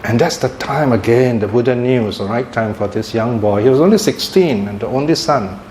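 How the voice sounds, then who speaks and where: A man and Buddhist teacher telling a religious story in a talk, with lively chuckling asides. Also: medium pitch, fairly quick. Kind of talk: sermon-style storytelling talk. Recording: echoey room with faint noise.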